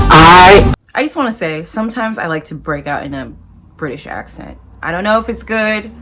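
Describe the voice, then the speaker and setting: A young woman vlogger chatting casually to her viewers, rambling through her thoughts with plenty of asides. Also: sits low. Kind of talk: casual chat to camera.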